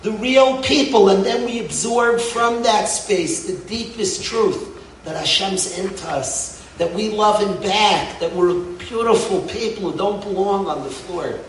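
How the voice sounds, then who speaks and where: A man, a rabbi who heads a yeshiva, giving an impassioned sermon that swings between hushed and raised passages. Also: high voice, measured pace, far from the mic, a little hiss or hum. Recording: echoey room, voice off-mic.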